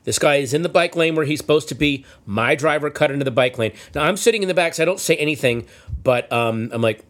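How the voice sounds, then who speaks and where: A man telling a comic story in casual chat, acting out the shouted lines of the people in it. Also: medium pitch, lively intonation, normal speed. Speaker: storyteller guest.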